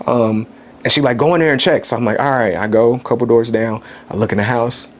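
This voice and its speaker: A man from Kansas City speaks as a podcast guest in a casual conversation. His pitch sits in the middle of the range. He talks softly and candidly, often pausing and restarting his sentences. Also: little pitch movement, a little hiss or hum. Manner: soft-spoken, candid, halting with many restarts. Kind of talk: casual chat, personal storytelling.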